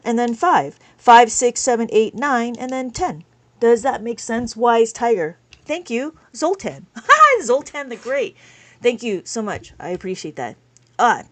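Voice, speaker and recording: A woman teaching abacus math on a live stream, counting beads aloud patiently and chatting with her viewers between steps. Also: on the high side.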